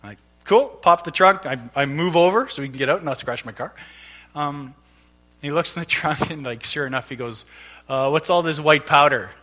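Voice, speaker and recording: A man's voice: on the high side, brisk, sharp tone, muffled recording. A middle-aged man preaching a sermon in a conversational way, telling a personal story and acting out the dialogue. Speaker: pastor.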